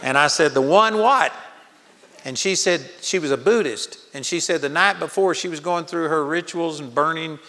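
A man's voice: fairly high pitch, moderate pace, hardly any pauses, pushed and bright, long reverb tail. An older man preaching a sermon at a Bible college, telling stories in an earnest manner. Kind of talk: sermon teaching. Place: large hall with audience.

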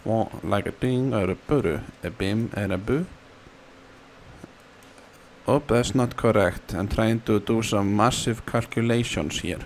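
A playful man talks through his game in an unhurried, easygoing way. He drifts into a sing-song tone and sometimes squeals single words far up in his voice. A faint hiss of noise sits behind him. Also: fairly low pitch. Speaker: gamer. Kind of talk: casual gameplay commentary.

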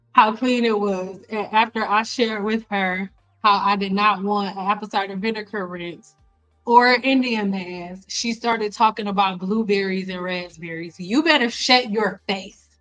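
A middle-aged woman cosmetologist hosting a casual live stream, blunt and animated, talking straight to her viewers with slang and exasperated repetition. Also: mid-range voice, a little slow, faint music behind, low-quality recording. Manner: frequent laughs and exasperated repetition. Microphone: desk mic.

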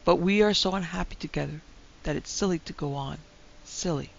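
Woman playing a weary husband, quiet and steady, gravelly voice, lo-fi hiss. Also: on the low side, fairly quick. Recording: dull lo-fi recording with faint hiss.

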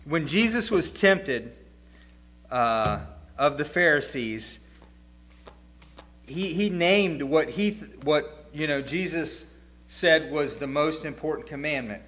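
A man with a slightly raised voice leads an adult Bible class at a slow, unhurried pace. He pauses often on fillers as he works through his points. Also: fairly high pitch, animated, fairly bright tone. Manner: halting, with frequent "uh" fillers. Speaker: Sunday school teacher. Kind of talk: Bible lesson teaching. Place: church classroom.

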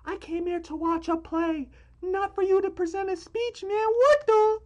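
Excitable high-voiced young man reacting. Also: normal speed, muffled recording. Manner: loud, excitable, slangy, keeps saying man and bro. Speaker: reaction video host. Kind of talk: casual reaction commentary. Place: small room at home.

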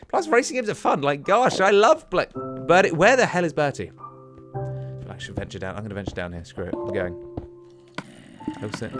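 Gaming host, male, fairly high and very lively voice, excitable, chatters at mobs, game music clear underneath. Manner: excitable, talks to himself and the mobs. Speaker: let's play host. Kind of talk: casual gaming commentary.

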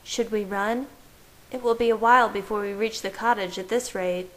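A woman reading the lines of a playful, wry young woman a little higher than her narration. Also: steady tone, moderate pace, close to an everyday voice.

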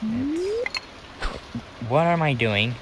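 A young American man from the United States, a gaming channel host, talks in a slightly high, animated voice at a somewhat slow pace against a noisy background. He gives rambling, casual commentary while playing a farming game, talking to himself and restarting often.

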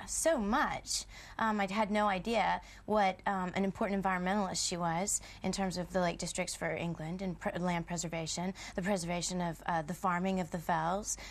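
A woman actress chatting as a guest on a morning television sofa, bubbly and self-deprecating, laughing often. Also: lowish voice.

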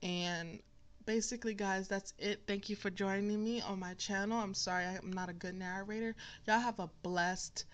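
A woman's voice: mid-range voice, steady tone, normal speed. A young woman talking viewers through her hair-care routine in a chatty, casual vlog. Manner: chatty, talks straight to viewers. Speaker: vlogger.

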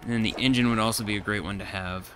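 A man's voice: fairly low pitch, fairly even intonation, fast, background noise. A man giving casual let's play commentary as he plays, chatty and talking to himself, with frustrated outbursts. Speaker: gameplay streamer.

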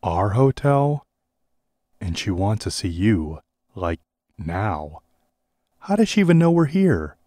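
A man reading aloud, voicing an excitable young woman with a raised, breathless voice. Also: deep voice, takes it slowly, pauses often, dry recording, studio quality, exaggerated voice. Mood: alarmed.

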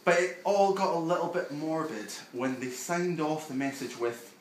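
Here a young comic with a higher-pitched voice works a small basement club at a moderate pace, bantering with the front row in a wry, self-deprecating way. Echo fills the room along with audience noise and laughs.

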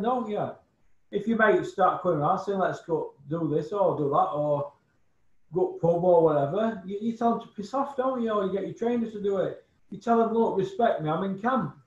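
A man's voice: sits high, roomy sound, lo-fi sound. A man giving blunt, scornful opinions on boxing in casual chat, swearing and repeating insults. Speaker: boxing pundit guest.

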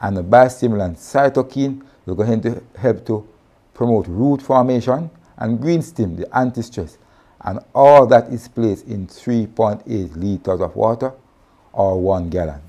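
Man, low-ish mellow voice, earnest farm presenter. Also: unhurried. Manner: earnest, addresses farmers directly, self-corrects. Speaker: agronomy presenter. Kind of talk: online farming presentation.

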